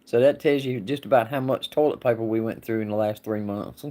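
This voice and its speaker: A man's voice: on the low side, a little fast, warm tone. A man hosting a casual livestream, answering viewers in a rambling, folksy way and laughing often. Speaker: livestream host.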